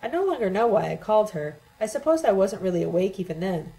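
A woman reading a novel aloud in the first person, steady and even. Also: medium pitch, fast, vocal fry, low-quality recording. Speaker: audiobook reader.

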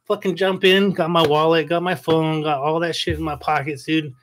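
A man's voice: fairly high pitch, level tone, moderate pace, a bit bright. A man telling stories as a podcast co-host, emphatic and heavy on swearing. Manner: profane, emphatic, says dude a lot. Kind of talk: casual storytelling chat.

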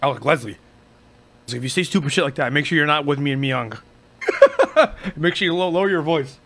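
A young man with a bright, forceful voice pitched a bit high, talking back in joking, defensive stream banter. He tells his own side of a story, laughing at it and cursing freely. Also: expressive, brisk. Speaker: streamer reacting to a clip. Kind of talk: casual stream reaction.

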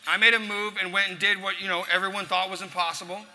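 A man's voice: high-pitched, flat delivery, fast, sharp tone, soft background music. A man giving a motivational speech at an event, telling a punchy story and driving his points home with force. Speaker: motivational speaker. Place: large event hall. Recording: echoey hall, faint crowd ambience.

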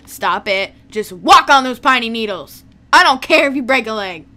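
A young woman let's play gamer reacts to a video game, excitable and emotional, pleading with the game. Her voice is high, though she speaks unhurriedly. Faint game music plays in the background.

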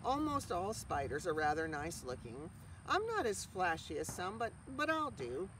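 A storyteller voicing a calm, kindly female spider who speaks slowly and gently. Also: medium pitch, distant mic, a little hiss or hum, low-quality recording. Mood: gentle, proud.

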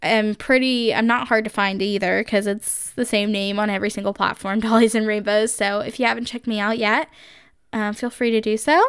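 This podcast host is a young woman with a smooth, mid-range voice, a steady tone, and a normal speaking speed. She chats casually on her own, gushing and leaning hard on "like" and "um." The sound is dry and studio clean.

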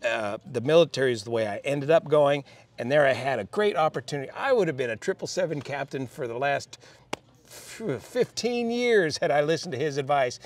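Older man telling pilot stories, measured. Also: fairly high pitch, lively intonation. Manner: reflective, measured, with restarts. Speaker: interview guest, airline pilot. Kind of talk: relaxed storytelling.

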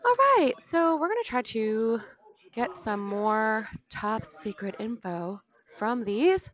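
A woman hosting a livestream, bubbly and giggly, thanking viewers in quick bursts. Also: fairly high pitch, very animated. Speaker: livestream host. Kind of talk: casual livestream chat. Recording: muffled lo-fi stream audio.

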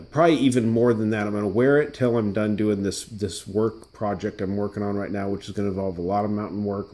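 A man with a lowish voice talks through a watch unboxing in a relaxed, rambling way. His delivery is casual and friendly, full of ums and small asides as he handles the product. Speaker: watch channel host.

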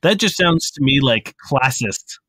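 A man's voice: mid-range voice, animated, unhurried, bright, forceful tone, slightly rough, no room sound, studio quality. A man co-hosting a podcast in casual chat, talking emphatically and laughing easily. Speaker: podcast co-host.

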